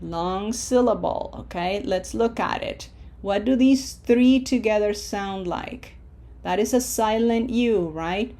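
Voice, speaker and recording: A woman teaching a pronunciation lesson, drawing out model words slowly and coaxing the learner with questions. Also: mid-range voice, mellow. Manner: slow, drawn-out model words between explanations. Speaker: Spanish teacher.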